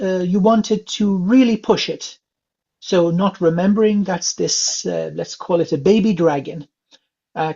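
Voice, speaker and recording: Man, gravelly voice, husky, calm gentle reading, lots of uhs, dull lo-fi recording. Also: on the high side. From England. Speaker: spiritual reader. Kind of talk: psychic reading session. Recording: dull lo-fi sound.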